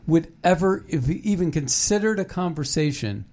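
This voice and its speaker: A man with a slightly raised pitch talks loosely as a co-host. He rambles along in casual commentary, full of fillers and false starts. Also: expressive, normal speed, darkish tone. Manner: rambling, many fillers and restarts. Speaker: podcast co-host.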